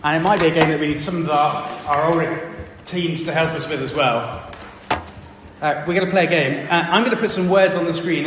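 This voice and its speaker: A man leads a church family talk, animated and quizzing the children as he reads from the Bible. His fairly high voice rings out in a big echoey hall with a long reverb tail. A faint hum of the room sits behind him. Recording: echoey hall, distant mic.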